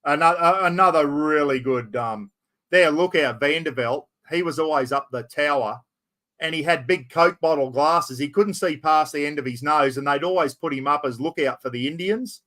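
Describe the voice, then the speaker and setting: Chatty Australian man, slightly high voice. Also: normal speed, fairly bright tone. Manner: rambling, storytelling, sprinkles "mate" and mild swearing. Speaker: live stream host. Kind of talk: casual chat.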